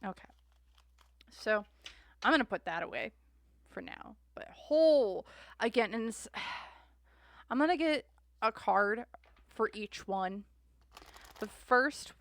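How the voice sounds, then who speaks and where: Woman, young, casual tarot reading, expressive, dry recording. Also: mid-range voice, no room sound. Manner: expressive, acts out imagined quotes, swears casually. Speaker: tarot reader.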